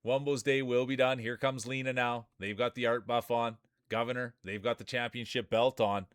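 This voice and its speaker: A man's voice: mid-range voice, steady tone, moderate pace, fairly bright tone, smooth, no room sound, studio quality. A man streaming live, doing playful, joking play-by-play commentary on marble races and chatting with viewers.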